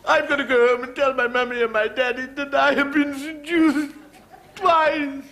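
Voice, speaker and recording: A man's voice: extremely high pitch, steady tone, normal speed, noisy background, pitched above the performer's own voice. An Irish man playing a hysterical young woman who shrieks between sobs. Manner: shrieking, laugh-crying.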